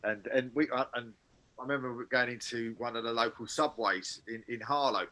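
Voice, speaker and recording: A man hosting a casual chat, telling a long, animated anecdote with many restarts. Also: medium pitch, fairly quick, poor audio. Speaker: podcast host.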